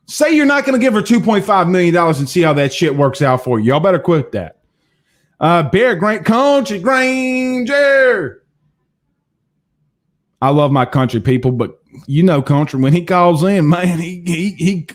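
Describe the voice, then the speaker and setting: Man, live sports talk host, emphatic, repeats himself, slightly high voice. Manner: animated, emphatic, repeats phrases, addresses viewers directly. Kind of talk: live sports talk show, reading viewer comments.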